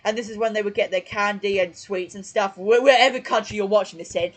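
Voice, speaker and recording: A man's voice: high voice, steady tone, fast talker, fairly bright tone, rough recording. Rambling young-sounding male streamer. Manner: rambling, lots of fillers and self-corrections. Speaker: channel host. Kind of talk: casual live-stream commentary.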